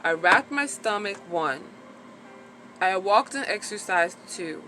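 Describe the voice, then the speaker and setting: Woman vlogger, frank and chatty, bright forward voice, casual talk. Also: medium pitch, lively intonation, slow, soft background music. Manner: frank, chatty, peppered with "like" and swearing. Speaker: vlogger sharing her recovery after birth. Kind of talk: casual personal vlog talk.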